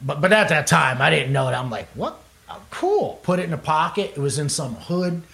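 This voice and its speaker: A man's voice: a little high, brisk, vocal fry, a bit bright. A young man, a musician, telling a long rambling story in casual chat, swearing freely and laughing often. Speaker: guest musician.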